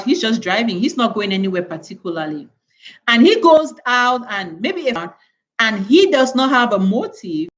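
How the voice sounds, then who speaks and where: A woman's voice: mid-range voice, muffled recording. A woman from Cameroon hosting a live stream, lecturing her viewers in an emphatic way and repeating words for stress. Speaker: channel host.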